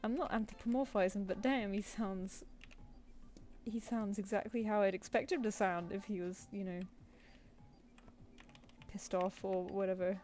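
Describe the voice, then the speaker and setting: A woman's voice: mid-range voice, fairly even intonation, normal speed, pauses often, darkish tone, soft background music. A woman with a British accent chatting casually with viewers while she works on a live stream, rambling with lots of fillers. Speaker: streaming artist.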